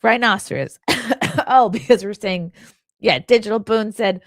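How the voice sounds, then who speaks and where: A woman's voice: medium pitch, normal speed, no room sound, clean studio sound. A woman hosting a livestream in a casual, rambling way, full of "like" and earnest asides, reading viewer comments between stories. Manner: rambling and chatty, heavy use of "like". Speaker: livestream host.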